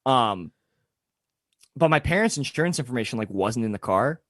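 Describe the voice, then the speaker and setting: A young man co-hosting a podcast, telling a story in casual chat, animated, swearing and laughing often. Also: medium pitch, moderate pace, no room sound, studio quality. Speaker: podcast co-host.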